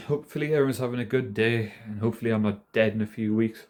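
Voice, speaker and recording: A vlogger in his thirties from North East England, with a Geordie accent, talks to camera in a lowish, slightly mellow voice at a quick pace. He rambles casually, pokes fun at himself, and swears a lot.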